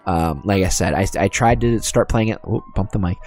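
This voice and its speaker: A man's voice: sits low, fairly quick, a little mellow, soft background music. A man casually commenting on and reading aloud from a video game, chatty and self-deprecating. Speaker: video game let's-play host.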